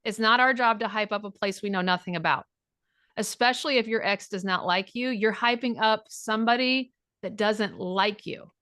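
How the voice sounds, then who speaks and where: A woman's voice: mid-range voice, moderate pace, pushed and bright, no room sound, studio quality. A middle-aged woman speaking as a divorce recovery coach, blunt and frank, swearing freely and acting out quoted dialogue. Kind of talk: direct coaching talk.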